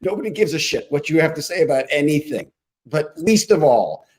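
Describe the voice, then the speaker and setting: A man's voice: on the high side, expressive, fairly quick, rough recording. Combative man giving political commentary. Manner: emphatic, combative, punchy rhetoric.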